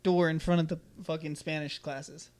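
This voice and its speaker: A man's voice: a little high, normal speed. A young man hosting a podcast, telling a school story in casual chat, swearing freely and acting out the quotes. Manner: animated, profane, acts out quotes loudly. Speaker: podcast host.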